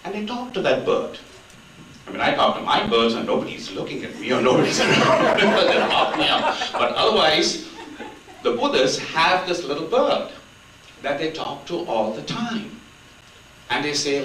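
A man's voice: a little high, big pitch swings, normal speed, sharp tone. A man giving a spiritual talk, telling stories in a conversational way with light humor. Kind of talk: storytelling talk on spiritual life. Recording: echoey room, mic at a distance, faint noise.

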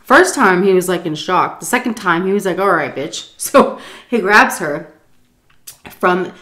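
Young woman with a lowish voice telling a rowdy family story, loud quotes. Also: unhurried. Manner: animated, swearing, acts out quotes loudly. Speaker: storytime vlogger. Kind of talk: casual storytelling.

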